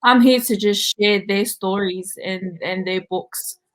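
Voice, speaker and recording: A woman talks as a guest on a relaxed podcast. She is candid and laughs a lot. Her voice sits in a middle pitch range for a woman. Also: slow pace, rough recording. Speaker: podcast guest, book reviewer. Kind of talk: casual podcast chat.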